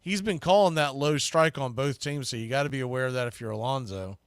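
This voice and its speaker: A man calling baseball play-by-play for a live stream watch party, talking through game strategy and getting louder on the big pitches. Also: brisk, clear, resonant tone, dry recording, clean studio sound. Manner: conversational, analytical, bursts louder on big pitches. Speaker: play-by-play announcer.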